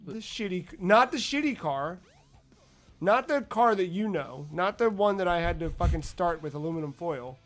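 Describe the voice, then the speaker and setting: A man in his thirties talks in a casual podcast chat, his voice sitting a little high. He tells long, rambling stories full of swearing. Faint music plays beneath the conversation. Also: animated, moderate pace, fairly bright tone. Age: 30s. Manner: profane storytelling, rambling. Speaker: podcast co-host.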